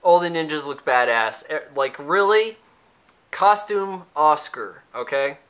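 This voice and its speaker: Bright-voiced ranting male movie reviewer. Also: on the high side, lively intonation, unhurried, clean tone. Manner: sarcastic, rambling, acts out characters' lines.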